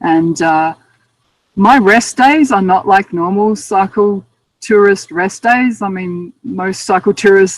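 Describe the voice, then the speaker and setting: A woman's voice: medium pitch, dry recording, low-quality recording. A woman with an Australian accent, a guest author telling travel stories in a chatty, self-amused way. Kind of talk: casual interview storytelling.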